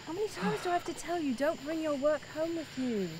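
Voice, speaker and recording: A woman playing a teasing, high-voiced girlfriend. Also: animated, fast, noisy background. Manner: teasing, playful. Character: playful, affectionate woman teasing her partner. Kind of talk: student film acting.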